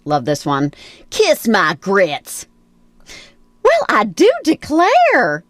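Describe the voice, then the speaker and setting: A woman's voice: mid-range voice, wildly swooping pitch, drawn-out words, no echo, heavily acted. A woman voicing a sweet but sassy Southern belle, drawling her quips. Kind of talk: game character voice lines.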